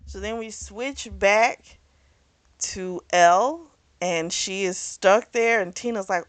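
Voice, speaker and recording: A woman with a mid-range voice hosts a book club, speaking slowly with no echo as she casually recaps a story. She is chatty and rambling, full of "like" and "you know," often correcting herself and losing track of names.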